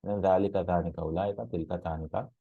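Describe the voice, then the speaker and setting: A man with a very low voice teaches a recorded lesson. He is patient, repeats each word and checks in with short questions. The sound is dry and close, with no room echo. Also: steady tone, very fast, creaky, husky, narrow, tinny audio. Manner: patient, repeats words, asks "hmm?" and "right?". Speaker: Arabic teacher.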